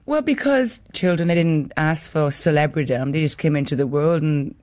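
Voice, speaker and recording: A woman's voice: low voice, normal speed, a little mellow, dry recording, clean studio sound. A woman actress in an interview, earnest and emphatic, repeating words for stress.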